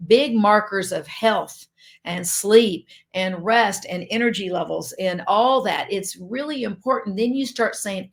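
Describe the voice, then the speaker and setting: A woman's voice: mid-range voice, measured pace. A woman doctor, a podcast guest, explaining health habits and acting out what people say to themselves. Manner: explanatory, acts out quoted thoughts. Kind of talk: podcast interview.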